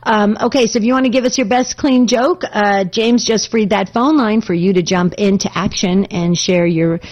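A chatty woman hosts a call-in radio show, talking warmly with callers and laughing easily. Her voice sits at a middling pitch. The sound is a little dull and lo-fi. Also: steady tone, moderate pace.

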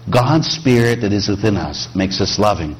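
A man's voice: lowish voice, moderate pace, husky. A middle-aged man from Pittsburgh, a priest preaching a sermon with jokes, acting out quoted voices. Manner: animated, joking, acts out quoted voices.

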